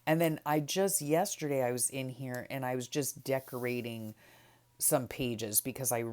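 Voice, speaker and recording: Middle-aged woman, very deep speaking voice, relaxed rambling craft vlogger. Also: moderate pace. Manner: chatty, rambling, trails off softly. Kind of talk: casual craft journal flip-through chat.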